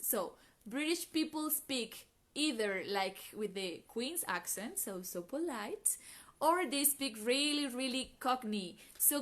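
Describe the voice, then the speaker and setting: A woman's voice: high-pitched, a bit bright. A woman with an American accent hosting a live online English class, chatty, laughing often and asking the viewers questions.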